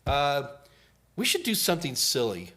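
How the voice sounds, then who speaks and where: A man's voice: on the high side, huge pitch swings, moderate pace, bright, forceful tone. A man in his sixties hosting a casual live Q&A about IT certifications, joking and trailing off mid-sentence. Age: 60s. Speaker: host, IT certification trainer.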